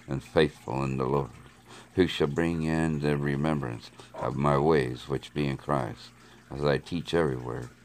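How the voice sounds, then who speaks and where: Bible reader, man, very low bass voice, measured and steady delivery. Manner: measured, steady reading of archaic scripture. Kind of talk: scripture reading.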